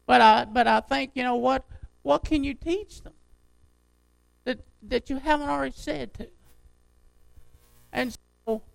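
An older pastor preaches a sermon to his church in a folksy, conversational manner, his creaky voice unsteady and jumping in pitch. The audio is poor, with no room sound.

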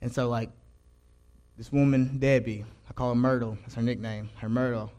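A man's voice: mid-range voice, fairly even intonation, moderate pace, dark tone. Earnest young man telling his testimony. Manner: earnest, rambling, slangy, self-interrupting. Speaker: church youth giving testimony. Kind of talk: casual spoken testimony.

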